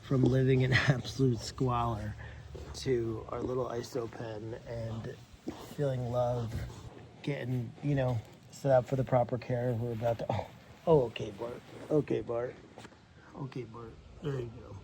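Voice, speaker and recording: A man's voice: mid-range voice, little pitch movement, unhurried, background noise. Chatty man cooing at animals, roomy echo. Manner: chatty, switches into cooing baby talk with animals. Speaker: animal sanctuary caretaker. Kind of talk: casual vlog narration.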